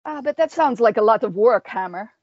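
A woman's voice: fairly high pitch, animated, a little fast, dry recording, voice pushed up. A woman doing a teasing Norse warrior. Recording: dull dry lo-fi sound.

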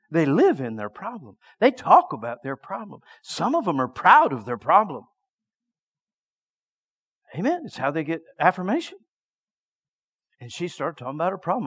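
A middle-aged male preacher telling a story in a sermon, dropping to a hush and then shouting. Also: on the high side, slightly rough. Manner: lively storytelling that swings from hushed to shouting.

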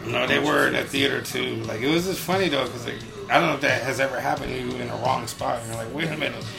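A man's voice: medium pitch, fast, vocal fry, loud music behind the voice. A man telling a long rambling story in casual podcast chat, swearing freely. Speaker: podcast co-host.

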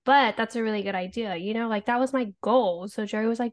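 A woman's voice: fairly high pitch, fast talker, hardly any pauses. Mom in her thirties co-hosting a podcast; candid, rambling, swears freely. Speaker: podcast co-host. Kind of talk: casual chat.

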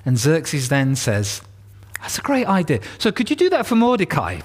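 A man preaching a sermon, retelling a Bible story with animated, acted-out character lines. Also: on the high side, moderate pace, slightly rough.

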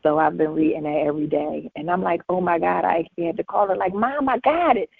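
A woman in her forties shares her faith testimony as a guest on a call-in show. Her voice is gravelly and husky, and it comes through a tinny phone line. She tells her story with animation and acts out the conversations. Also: low voice, little pitch movement, fast talker, no echo. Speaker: featured guest.

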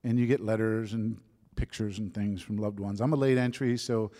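A man in his fifties telling his conversion story as a sermon testimony, shifting from lively storytelling to soft, hushed moments. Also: fairly low pitch, normal speed. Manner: storytelling, drops to soft whispers at emotional moments. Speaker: preacher giving a testimony. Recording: long hall reverb.

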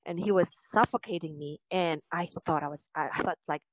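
Low-voiced Filipino woman, earnest and hushed. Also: fairly quick, no room sound, low-quality recording. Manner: earnest, emotional, often dropping to a hushed, low voice. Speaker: guest sharing a personal story. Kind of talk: personal testimony in conversation.

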